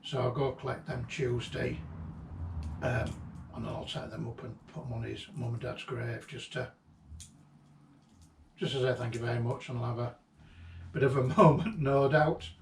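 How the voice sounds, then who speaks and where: A man reminiscing casually about a late friend, halting and reflective, with frequent ums and restarts. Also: medium pitch, steady tone, gravelly. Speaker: vlogger remembering a late friend. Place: at the friend's old house and garden. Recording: roomy echo, distant mic, faint ambient noise.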